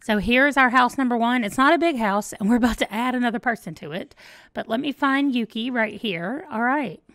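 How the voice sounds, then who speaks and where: A woman's voice: a little high, a little fast, fairly bright tone, dry recording, clean studio sound. Chatty woman narrating her gameplay. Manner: chatty, thinking aloud as she plays. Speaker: let's play host. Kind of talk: casual gameplay commentary.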